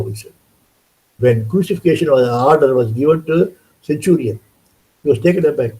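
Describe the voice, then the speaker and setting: A man's voice: mid-range voice, expressive, moderate pace, pauses often, warm tone, rough recording. An older man giving a rambling devotional talk, telling stories and acting out dialogue as he goes. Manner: rambling, repeats words and restarts, acts out quoted dialogue. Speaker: devotional speaker. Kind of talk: storytelling spiritual talk.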